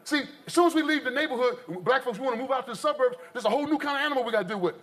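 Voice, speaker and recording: A man from the United States doing live stand-up, telling stories in an animated, exaggerated way. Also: very high voice, racing. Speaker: stand-up comedian. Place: stage before a live audience. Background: faint audience laughter.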